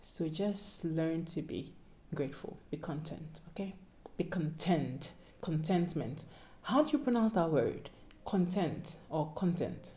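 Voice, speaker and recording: A woman's voice: low-pitched, expressive, unhurried, dark tone. A young Ghanaian woman vlogging casual advice in a playful, pleading way that sometimes sounds like a sermon.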